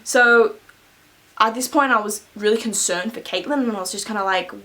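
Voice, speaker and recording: A woman's voice: mid-range voice, normal speed, background noise. A young adult woman vlogger telling a school story casually, rambling with lots of fillers and frequent laughs. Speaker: beauty vlogger.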